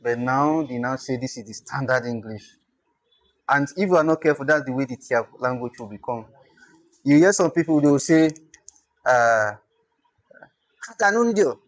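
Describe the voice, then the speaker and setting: A man teaching a language class, explaining patiently and repeating words slowly. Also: mid-range voice, dry recording. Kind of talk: classroom lesson.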